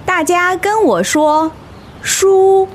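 A woman playing a Chinese teacher who drills her class slowly and clearly in a recorded lesson dialogue. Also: very high voice, slight background noise, full character voice. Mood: instructive.

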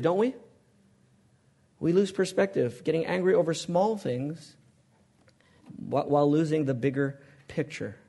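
A male pastor preaching a sermon, asking the congregation questions and pressing his points with emphasis. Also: high voice.

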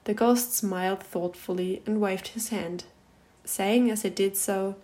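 A woman narrating a classic story in an expressive literary reading. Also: mid-range voice, unhurried. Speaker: reader.

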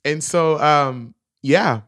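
A man's voice: on the high side, drawn-out words, a bit bright. A man casually telling a story about how he met his wife. He acts out the quoted lines and laughs often.

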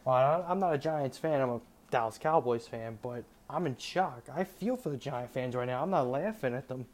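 A young man hosting a solo sports show, talking excitedly about breaking football news, often stammering and restarting his sentences. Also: medium pitch, normal speed. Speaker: sports podcast host.

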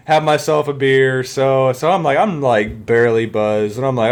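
A man's voice: mid-range voice, fairly even intonation, normal speed, slight background noise. A man telling an army story in casual talk, rambling, swearing heavily and laughing along.

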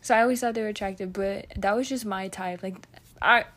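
A young woman in casual, filler-heavy chat about dating, sarcastic and quick to laugh. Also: mid-range voice, steady tone, fairly bright tone.

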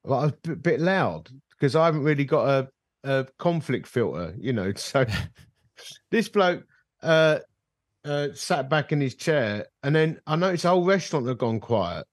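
A man's voice: mid-range voice, normal speed, no echo, clean studio sound. A middle-aged man, a guest on a podcast, telling a personal story in casual conversation and acting out the dialogue. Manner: animated storyteller who acts out dialogue. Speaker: podcast guest, ministry leader. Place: bar.

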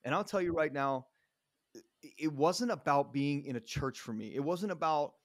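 A man's voice: on the high side, normal speed, no room sound, studio quality. Earnest man rambling through a story. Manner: earnest, rambling, with frequent restarts. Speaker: podcast guest. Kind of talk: casual conversational storytelling.

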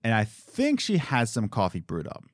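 A podcast host telling a story in a casual, animated way and acting out the people in it. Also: male voice, mid-range voice, normal speed, no room sound, studio quality. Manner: animated, acts out quoted voices.

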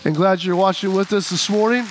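A pastor with a strikingly high voice for a man preaches to his congregation. He talks casually and tells humorous stories. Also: a little fast, slight background noise. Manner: conversational, humorous storytelling. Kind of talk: sermon.

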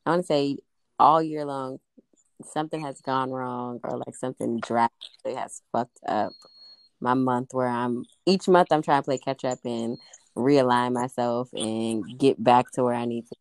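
A woman's voice: a bass voice, fairly even intonation, moderate pace, dry recording. A woman co-hosting a casual podcast chat, laid-back and laughing easily. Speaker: podcast co-host.

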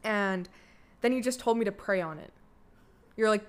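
Smooth-voiced young Canadian woman, chatty. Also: mid-range voice, moderate pace. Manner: candid, loose and chatty, heavy filler "like", swears freely. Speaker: guest, daughter of the host. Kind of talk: casual personal storytelling.

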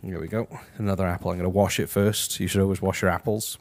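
A man hosting a comedic review from his house, talking deadpan and rambling with lots of ums. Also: low voice, quick pace. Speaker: host. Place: his house, walking to the kitchen.

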